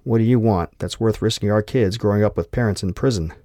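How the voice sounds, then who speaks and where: A man's voice: fairly low pitch, brisk, warm tone, no room sound, clean studio sound, close to an everyday voice. A man voicing a wary, exasperated pilot and father, blunt in his speech.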